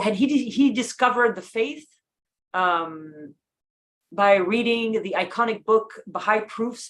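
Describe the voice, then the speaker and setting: A woman's voice: medium pitch, fairly bright tone. A woman presenting an online class, narrating a history lesson over slides with enthusiastic, admiring asides and small restarts.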